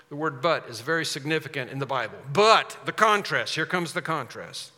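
A man delivers an emphatic sermon, his voice slightly high and bright with a forceful edge. He presses his listeners with rhetorical questions. The sound carries a long reverb from a large hall. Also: expressive, normal speed. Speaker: preacher.

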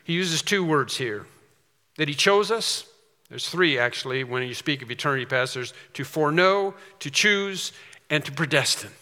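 A man's voice: a little high, lively intonation, normal speed, bright, forceful tone, in a large hall. A man preaching a sermon as a pastor, earnest and emphatic, with storytelling asides.

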